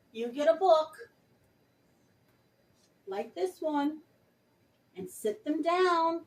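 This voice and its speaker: A woman's voice: high-pitched, far from the mic, rough recording. A woman vlogger speaking passionately and emphatically, addressing her viewers directly. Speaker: vlogger reviewing a book. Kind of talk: earnest direct-to-camera talk.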